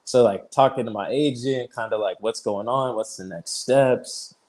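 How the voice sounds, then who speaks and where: A man in his thirties, a pitcher guest on an interview show, telling his story casually, peppered with "like" and easy laughs. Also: moderate pace, darkish tone. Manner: chatty, fills speech with "like", retells conversations; laughs easily while telling stories.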